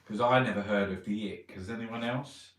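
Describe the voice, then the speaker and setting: A man's voice: lowish voice, normal speed, fairly bright tone, recorded from a distance. A man reading newspaper headlines aloud and ranting about them in a sweary, mocking way. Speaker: vlogger reviewing newspapers. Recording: roomy echo, voice set back from the mic.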